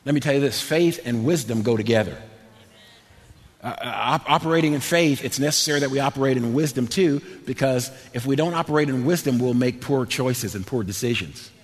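An older man preaching a sermon, animated and laughing, swinging between loud and quiet. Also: mid-range voice, brisk. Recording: long hall reverb.

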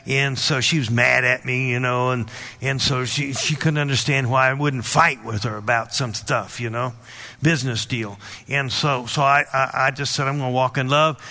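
A man's voice: medium pitch, fairly even intonation, moderate pace, pushed and bright. A man preaching a sermon, telling a personal story with frequent restarts and emphatic calls to listen. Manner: storytelling, repeats words, emphatic asides.

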